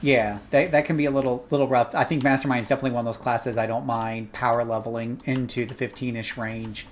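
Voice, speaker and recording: A man's voice: mid-range voice, steady tone, fast talker, a little hiss or hum. A man hosting his own gaming livestream, joking easily and thinking aloud while he plays. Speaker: streamer host. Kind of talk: casual gaming livestream commentary.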